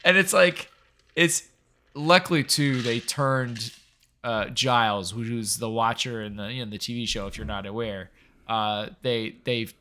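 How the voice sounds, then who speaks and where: Bright, enthusiastic man podcast co-host. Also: medium pitch, fairly even intonation, a little slow, clear, resonant tone. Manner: enthusiastic, rambling, lots of fillers and laughs. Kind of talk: casual film review chat.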